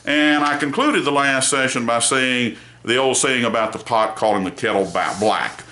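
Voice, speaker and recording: A man's voice: mid-range voice, moderate pace, bright, forceful tone. A man delivering opinionated political commentary, rambling, with restarts and asides, and turning heated and emphatic at times. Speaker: political commentator and blog founder.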